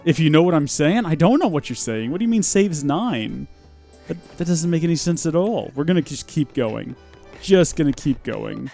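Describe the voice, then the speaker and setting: A man's voice: on the high side, sing-song, moderate pace, creaky, warm tone, faint music behind. A man hosting a live game stream, with goofy, rambling and chatty commentary.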